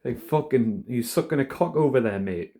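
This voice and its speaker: A man's voice: medium pitch, lively intonation, moderate pace, mellow. A young man vlogging at home, talking in a rambling, profane, casual monologue. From United Kingdom. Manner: rambling, profane, rough-edged. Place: at home, indoors.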